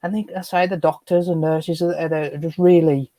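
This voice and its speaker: A fairly high-voiced man, co-hosting a chatty podcast. He speaks earnestly and stumbles over restarts. The sound is dry and close. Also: little pitch movement, normal speed, dark tone, dry recording. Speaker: podcast co-host. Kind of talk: casual chat.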